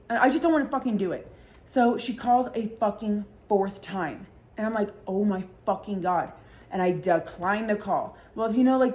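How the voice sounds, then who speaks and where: A woman's voice: mid-range voice, darkish tone. Cursing, rambling woman telling a story. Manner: rambling, heavy swearing, constant fillers; acts out voices in quoted dialogue. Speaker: vlogger. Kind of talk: casual storytime chat.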